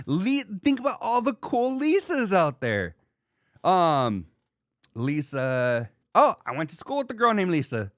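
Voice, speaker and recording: A man hosting a podcast in casual chat, rambling and joking in an animated way. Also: sits high, a little slow, dry recording, studio quality. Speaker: podcast host.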